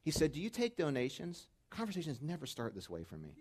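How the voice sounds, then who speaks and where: A middle-aged man preaching a sermon as pastor, telling stories and building to loud, fervent peaks. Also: a little high, wildly swooping pitch, fast talker, breathy edge.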